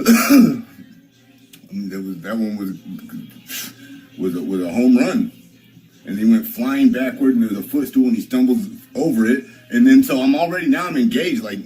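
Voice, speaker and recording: A man's voice: medium pitch, warm tone, poor audio. Rambling, profane man livestreaming. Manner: rambling, profane, repeats himself; addresses viewers directly. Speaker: livestreamer answering chat. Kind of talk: casual livestream storytelling.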